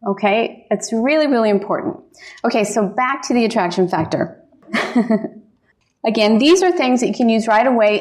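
A woman keynote speaker telling her personal faith story as lively storytelling, laughing often and giving earnest encouragement from a conference stage. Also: a little high. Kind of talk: personal testimony talk.

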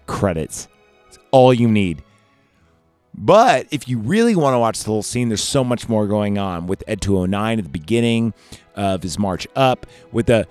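A man hosting a podcast, talking through his favorite movie endings in a rambling, excitable way and swearing often. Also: on the low side, normal speed, dry recording, faint music behind. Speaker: podcast host. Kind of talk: casual movie ranking chat.

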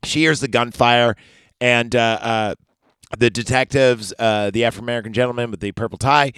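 A man's voice: mid-range voice, steady tone, normal speed, a bit bright, smooth, dry recording. A man hosting a podcast, recapping a movie in a laid-back, chatty way that rambles into digressions and swearing. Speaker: podcast host.

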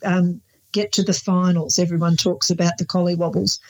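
A relaxed speaker tells local anecdotes in a group chat. The voice is husky and a little breathy. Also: medium pitch, moderate pace, low-quality recording.

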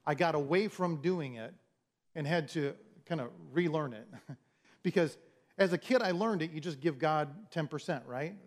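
A man with a fairly high pitch preaches at a normal speed, talking through his sermon as a story told in a conversational way. He restarts his words often and acts out the lines of others.

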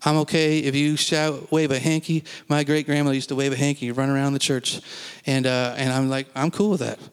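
A man's voice: medium pitch, level tone, fairly quick, clean tone, in a large hall. A man preaching a sermon to a congregation, emphatic, repeating phrases and asking the listeners questions. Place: church.

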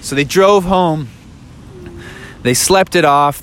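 A man improvising a story for a child, animated and full of sound effects. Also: a little high, slow pace, clean tone.

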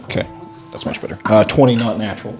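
Lowish-voiced male player, hesitant, clear music in the background. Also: fast. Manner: tentative, thinking aloud with fillers. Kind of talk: casual tabletop game chat.

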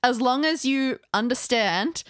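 A woman's voice: high voice, lively intonation, measured pace, a bit bright, clean tone, no echo, clean studio sound. A woman with an Australian accent co-hosting a podcast, chatting casually and teasing with frequent laughs. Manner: laughs often, teasing banter. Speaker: podcast co-host. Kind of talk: casual chat.

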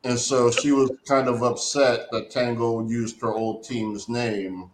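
Slow, patient man in a roomy space. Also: mid-range voice, little pitch movement, a little hiss or hum. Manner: patient, explains slowly with fillers. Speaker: co-host. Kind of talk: casual comic book discussion. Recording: roomy echo.

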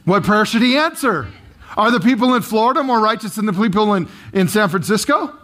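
A man's voice: sits high, animated, a little fast, fairly bright tone. A male pastor preaching a sermon in a conversational, joking way, asking the congregation questions.

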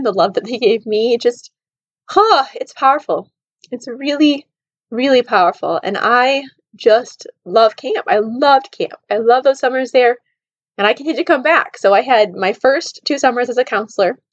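A woman in her thirties hosting a podcast, telling personal stories in an animated, heartfelt way. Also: fairly high pitch, no echo, muffled recording. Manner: animated, emotional storytelling with laughs. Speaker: podcast host. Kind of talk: storytelling podcast monologue.

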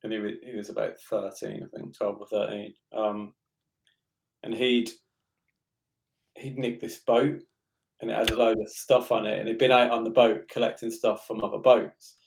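A man's voice: lowish voice, flat delivery, moderate pace, gravelly, a little mellow. A man, co-hosting a podcast and telling a story in casual chat, hesitant with many restarts. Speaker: podcast co-host.

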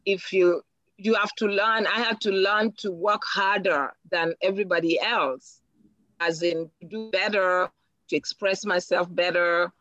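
This woman's voice sits on the low side, steady and fairly bright, and she speaks a little slowly; the recording is lo-fi with no room sound. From Africa, she's a personal-interview guest who speaks with earnest reflection, repeating words frequently as she thinks.

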